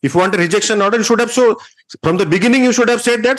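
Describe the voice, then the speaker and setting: A man's voice: high voice, racing. A man with an Indian English accent, presiding as a judge at a court hearing, sternly lecturing and rebuking counsel.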